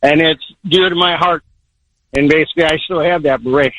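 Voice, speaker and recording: A man's voice: on the high side, fairly even intonation, brisk, fairly bright tone, dry recording, low-quality recording. A man calling in to a radio show, earnestly telling a personal story. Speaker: caller, military veteran.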